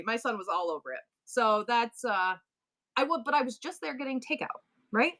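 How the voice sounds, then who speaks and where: A middle-aged woman hosting a live selling stream, telling a story in a rambling, animated way full of asides and restarts. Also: fairly high pitch, normal speed. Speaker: live-stream seller and host. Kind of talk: casual storytelling chat.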